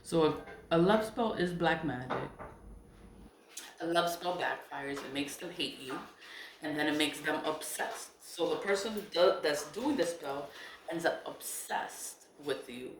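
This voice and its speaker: A woman's voice: low voice, measured pace, slight background noise. A woman ranting casually to camera, blunt and profane, repeating herself for emphasis. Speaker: vlogger. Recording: echoey room with faint ambience.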